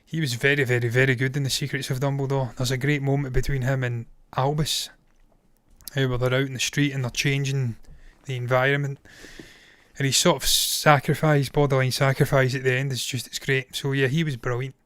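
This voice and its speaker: Fairly quick and a bit bright, this mid-range male voice barely moves in pitch. The speaker is a film reviewer and live-streamer in his thirties, chatting casually with blunt, opinionated verdicts and casual swearing, his voice tired and strained after a long session. There's no room sound; the audio is close and dry.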